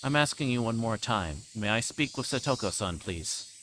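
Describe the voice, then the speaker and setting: A man's voice: lowish voice, animated, moderate pace, fairly bright tone, a little hiss or hum, rough recording. A man doing a polite, insistent caseworker. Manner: formal, insistent. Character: polite adult child-welfare caseworker.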